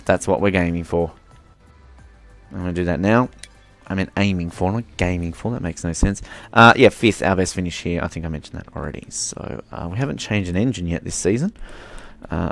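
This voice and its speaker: A man's voice: on the low side, a bit bright. A young man giving rambling, self-mocking commentary while playing a racing game. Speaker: gaming commentator. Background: faint car engine noise.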